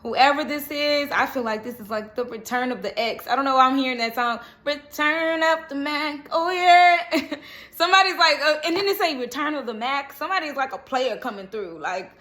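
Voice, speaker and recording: Chatty tarot lady, bright kinda high voice, rambles and laughs a lot, sings bits here and there. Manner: chatty, laughs often, bursts into snatches of song; lively, rambling and self-correcting. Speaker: tarot horoscope reader. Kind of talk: casual tarot reading to camera.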